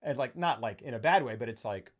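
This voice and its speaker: A man's voice: mid-range voice, animated, quick pace. A man co-hosting a casual film talk show, rambling and acting out movie quotes in funny voices. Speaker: podcast co-host.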